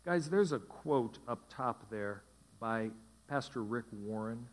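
A male pastor preaching a sermon, repeating key phrases with emphatic, dramatic pauses. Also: medium pitch, animated, long reverb tail.

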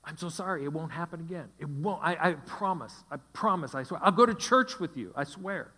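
A preacher doing a weeping, begging husband. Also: male voice, animated, fairly quick, pushed and bright, long reverb tail. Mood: pleading. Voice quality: high, tearful, begging. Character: distraught husband pleading for forgiveness.

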